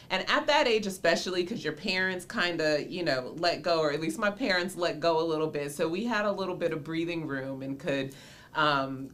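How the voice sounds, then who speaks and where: Low-voiced woman in her forties hosting a podcast, chatty and laughing often. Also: fairly bright tone. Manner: chatty and nostalgic, laughs often, says "y'all". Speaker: podcast host and mother. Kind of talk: casual solo podcast chat.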